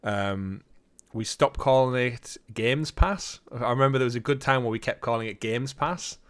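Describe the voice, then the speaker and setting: A man's voice: mid-range voice, normal speed. A man co-hosting a casual gaming podcast, chatty and a little teasing. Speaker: podcast co-host.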